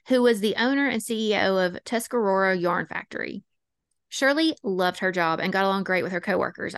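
Southern lady cohosting a true crime podcast, snarky and opinionated, mid pitch, dry sound. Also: a bit bright, no room sound. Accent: Southern American. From American South. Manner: opinionated, sarcastic, quick to laugh. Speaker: podcast co-host.

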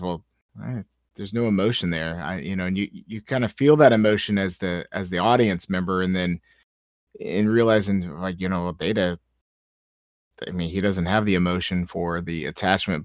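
A man co-hosting a casual podcast, rambling and growing animated as he talks. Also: low-pitched, no room sound, studio quality. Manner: rambling, animated when indignant. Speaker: podcast co-host.

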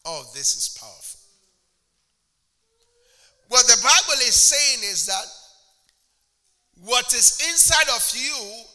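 High, bright-voiced preacher in a reverberant hall. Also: male voice, sing-song, slow, pauses often. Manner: preaching with props and mocking impressions of churchgoers. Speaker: pastor. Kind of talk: sermon.

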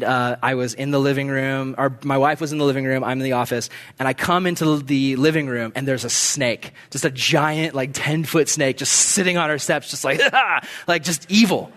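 A young man preaching a casual, animated sermon, telling stories and breaking into shouted bursts. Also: medium pitch. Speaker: pastor.

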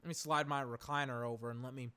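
A young man's quick, medium-pitched voice stays fairly even, with a sharp yet smooth tone. Hosting his podcast from a recliner at home, he gives casual live commentary on a game, rambling, irritated, and heavy on fillers and profanity.

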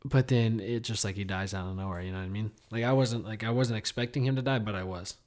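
A man's voice: fairly low pitch, fast talker, darkish tone. Rambling casual man telling a story. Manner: rambling storytelling with many fillers and restarts. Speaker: podcast co-host. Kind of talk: casual chat.

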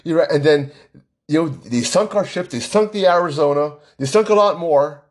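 Indignant man with a husky voice. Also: on the high side, expressive, moderate pace. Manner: indignant, rhetorical questions, sarcastic mock quotes. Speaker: political commentator. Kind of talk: opinionated monologue.

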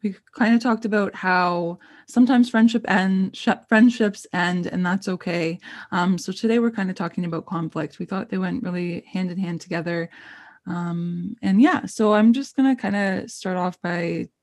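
A woman's voice: on the low side, normal speed, dry recording. A young woman co-hosting a casual podcast chat, encouraging and chatty with lots of fillers. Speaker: podcast co-host.

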